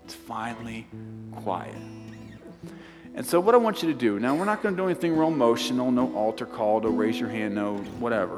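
A man preaching a sermon as a pastor, in a hushed and intimate way. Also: mid-range voice. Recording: long hall reverb with clear guitar music. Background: guitar playing.

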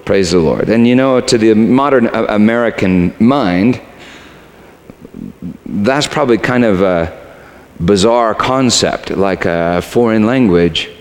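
A man's voice: fairly low pitch, measured pace. A man preaching a sermon, reading scripture animatedly, then speaking conversationally to the congregation. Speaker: pastor. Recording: long hall reverb.

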